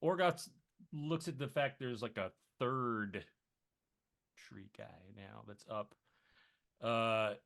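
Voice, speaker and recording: A man with a mid-range voice playing a tabletop game, stopping and restarting as he talks through his character's move. He sounds unhurried and unsure, filling pauses as he goes. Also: medium pitch, creaky, fairly bright tone. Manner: halting, many fillers. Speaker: player. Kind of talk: casual tabletop game play.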